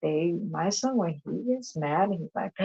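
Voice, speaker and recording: Her voice is lowish, gravelly and husky, a little mellow, slow, with big swings in pitch. As host of a casual talk show, she chats with listeners, poses rhetorical questions and addresses them as y'all, recorded in dull lo-fi sound.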